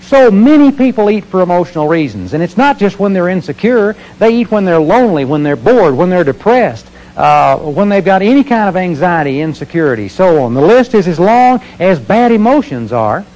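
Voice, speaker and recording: A man's voice: sits high, big pitch swings, normal speed, few pauses, a little mellow, poor audio. A middle-aged man giving a talk to an audience, telling stories and asking questions he answers himself. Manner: earnest storytelling with rhetorical questions. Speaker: motivational speaker.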